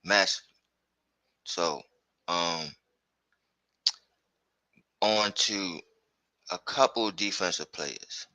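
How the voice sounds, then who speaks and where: A man hosting a sports podcast, talking loosely and excitedly with slang and fillers. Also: low-pitched, drawn-out words, long pauses, no echo, poor audio. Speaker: podcast host. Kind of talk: casual sports chat.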